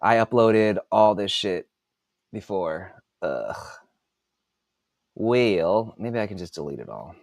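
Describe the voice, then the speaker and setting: Brief: man, 40s, low voice, loose muttering stream host, dry close sound. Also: expressive, slow, pauses often, a little mellow, no room sound. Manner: rambling, mutters to himself while working on a computer, swears freely. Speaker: author and podcast host. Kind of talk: casual live-stream chat while working.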